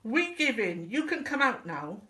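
A woman reading a picture book aloud, voicing a cheerful, kindly male elephant in a friendly, gently teasing voice. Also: on the high side, very animated, a little slow, far from the mic, voice pushed up, exaggerated voice. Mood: coaxing.

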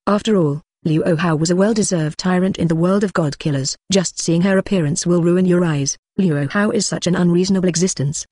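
A text-to-speech audiobook narrator reading a web novel in a flat, even way, sometimes speaking punctuation marks out loud. The pitch sits in a middle range. The sound is dry and close, with no room echo.

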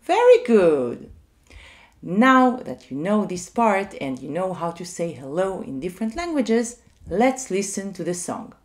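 A woman teaching a music lesson to young children, speaking clearly and leading them to repeat after her. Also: fairly low pitch, big pitch swings. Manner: slow, clear and sing-song, leading call-and-repeat.

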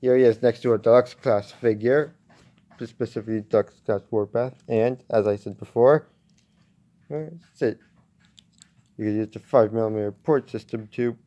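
Halting man reviewing toys at home. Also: mid-range voice, lo-fi sound. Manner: halting, with frequent restarts and fillers. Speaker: toy reviewer. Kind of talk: casual home toy review.

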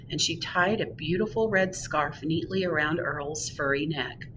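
A woman librarian reading a picture book aloud to children, expressive and drawn out. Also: low-pitched, a little slow, hardly any pauses, far from the mic, muffled recording, background noise.

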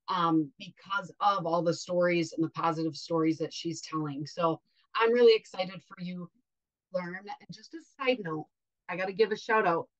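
A woman's voice: on the low side, low-quality recording. A woman with a Wisconsin accent hosting a podcast, chatty and upbeat, with many fillers. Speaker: podcast host. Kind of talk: casual podcast intro.

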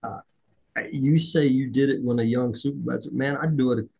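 A middle-aged man hosting a podcast, telling a story in a lively way, acting out the dialogue and poking fun at himself. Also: mid-range voice, moderate pace, creaky, husky, low-quality recording. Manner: animated, acts out dialogue, self-deprecating. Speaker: podcast host. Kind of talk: conversational storytelling.

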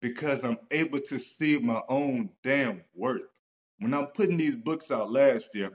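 Man hosting a casual live stream, mid-pitched, animated and salty, with slightly muffled home-stream audio. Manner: animated, swears casually, gets excited and loud. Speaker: author and host of a live stream. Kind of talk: casual motivational talk. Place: at home, seated in a wheelchair.

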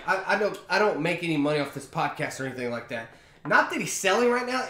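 Animated high-voiced man, chatty podcast host. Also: echoey room. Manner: chatty, slangy storytelling with many fillers. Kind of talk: casual solo podcast monologue.

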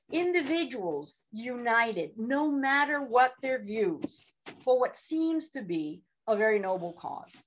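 A woman's voice: high-pitched, poor audio. A woman, a social psychologist, speaking on an academic panel in a lecturing way, often checking in with "right?". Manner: lecturing, frequent "right?" tag questions.

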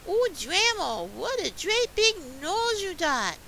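A woman voicing a timid, wide-eyed little girl in a storybook reading, with a high sing-song way of exclaiming. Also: very animated, measured pace, gravelly, bright, forceful tone, a little hiss or hum, full character voice. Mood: timid wonder.

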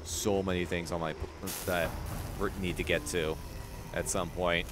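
A man's voice: deep voice, flat delivery, moderate pace, very noisy. A man streaming a video game, chatting casually and rambling as he answers chat, chuckling often. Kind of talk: casual gaming livestream chat.

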